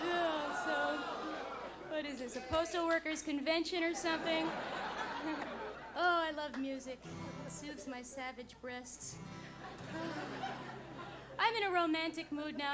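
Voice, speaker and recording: Slow, giggly high-voiced woman comic. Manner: giggly, chatty delivery. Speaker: stand-up comedian with guitar. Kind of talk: stand-up comedy set. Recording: 1980s VHS club recording with music and crowd. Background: audience laughter and music.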